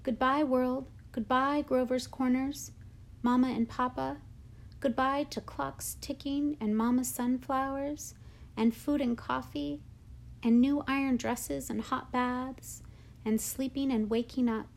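A woman's voice: high-pitched, steady tone, unhurried, gravelly, voice pushed up. A woman reading as a tearful teenage girl on stage. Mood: tender.

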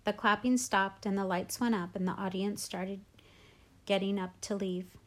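Woman read-aloud host, clear, expressive novel narration. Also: mid-range voice, moderate pace.

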